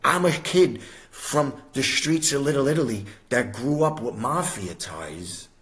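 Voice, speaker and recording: A middle-aged man from the USA, a podcast guest telling a personal story in an animated, streetwise way, often calling the host "bro" and "my brother". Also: medium pitch, measured pace.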